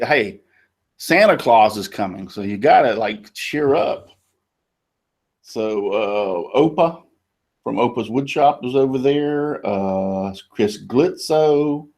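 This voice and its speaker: A man's voice: medium pitch, vocal fry, a little mellow. A man from Florida with a Southern drawl, hosting a casual panel chat in a folksy, chatty way. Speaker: host.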